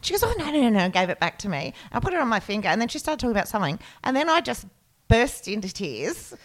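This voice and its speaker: A woman's voice: mid-range voice, big pitch swings, quick pace. A woman in her forties with an Australian accent, co-hosting a casual chat and telling anecdotes with blunt quips. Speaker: podcast co-host.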